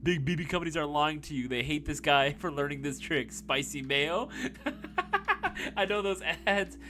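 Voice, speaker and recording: Animated, swearing young man streaming. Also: fairly high pitch, normal speed, a little hiss or hum. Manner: animated, swears freely, laughs often. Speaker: live stream host answering viewer questions. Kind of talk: casual live-stream chat.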